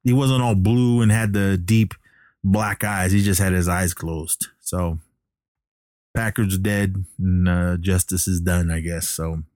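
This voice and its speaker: Man, low voice, casual rambling recap, dry close sound. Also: steady tone, slow, a little mellow, no room sound. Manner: rambling, filler-heavy storytelling.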